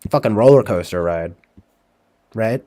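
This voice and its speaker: A man's voice: lowish voice, animated, measured pace, mellow. A man hosting a casual livestream, rambling and profane, tagging his thoughts with "like" and "right?". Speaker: livestream host. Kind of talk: casual livestream movie talk.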